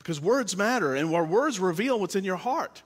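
A man's voice: high-pitched, lively intonation, normal speed, husky, big-room sound. A man preaching a conversational sermon as pastor, repeating phrases for emphasis.

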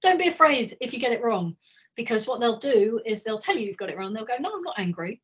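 Over a video call, a middle-aged woman gives a conversational communication training talk, telling anecdotes and shifting between faster and slower speech. Her voice is a little high and slightly rough, with lively intonation.

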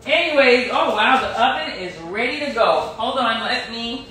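A bright, lively woman chats with her live-stream viewers from her kitchen, laughing often between sentences. Her high voice swings up and down as she talks. The room gives her voice an echo. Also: unhurried, a little hiss or hum. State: sore neck. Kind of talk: casual live stream chat. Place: home kitchen. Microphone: phone.

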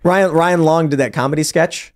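A man's voice: on the high side, normal speed. A man co-hosting a political talk show who tells stories animatedly and acts out quoted exchanges. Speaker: co-host.

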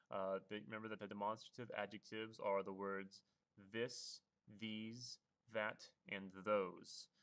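A man's voice: fairly low pitch, a bit bright. A man who teaches Spanish, explaining grammar to students in a patient, methodical way with small self-corrections.

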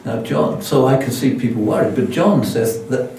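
A man's voice: mid-range voice, moderate pace, gravelly, few pauses, mellow, a little hiss or hum. An older man preaching as a guest, telling a self-deprecating story with many restarts. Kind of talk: sermon with anecdotes. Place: church hall. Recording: echoey church hall from far off.

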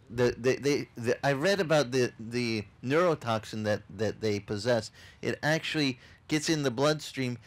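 A man preaches a sermon outdoors at a beach service. His pitch is middle for a man and swings widely as he tells Bible stories. He acts out the people in them with quick changes of voice. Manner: animated storytelling, acts out voices of people and God. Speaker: pastor.

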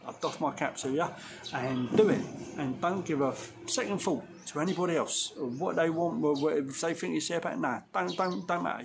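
A window cleaning business owner gives blunt, cheeky, slangy business advice straight to viewers in a casual vlog shot outdoors. His voice is slightly high and creaky.

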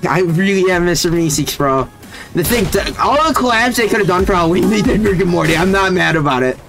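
A man's voice: sits high, animated, brisk, over music. A young man casually commentating his gameplay, hyped and constantly saying "bro.". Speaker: gaming streamer.

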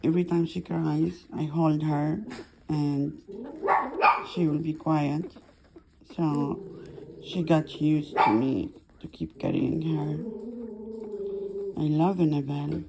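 A woman's voice: low-pitched, gravelly, background noise. A woman filming her puppies at home, cooing and baby-talking to them in non-native English, then turning to the camera to explain. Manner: coos and baby-talks to puppies, switching to plain explaining. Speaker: puppy owner. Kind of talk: casual home video chat.

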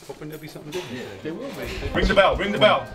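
A man's voice: on the high side, lively intonation, racing, over music. A man buying at storage auctions, talking brashly and swearing freely in a reality show. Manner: brash, profane trash talk. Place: storage auction and flea market.

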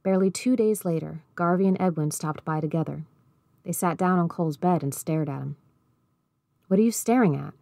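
A woman reading a novel aloud in an even, measured storytelling manner. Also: low-pitched, vocal fry, no echo. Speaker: audiobook reader.

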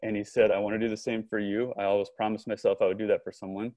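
Guesting on a podcast, this company co-founder from Southern California tells a story during a conversational interview. His voice is low and he talks fast, animated, with frequent restarts and quoted dialogue. The recording has no room sound.

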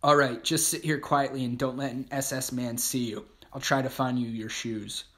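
A man's voice: mid-range voice, fairly even intonation, normal speed, sharp tone, natural voice. A man voicing a hardened male camp prisoner who talks bluntly and matter-of-factly, in an audiobook reading. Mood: indulgent.

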